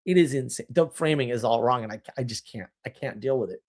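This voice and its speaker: A man hosting a live stream, talking casually and answering chat in an animated, opinionated, rambling way with frequent restarts, from a home setup on a desk mic. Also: medium pitch, brisk.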